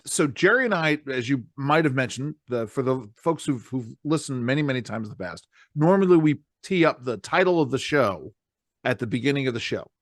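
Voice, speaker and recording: A man's voice: mid-range voice, lively intonation, brisk, dry recording, clean studio sound. A man hosting a political talk podcast. He sums up his co-host's points and steers the conversation. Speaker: podcast host.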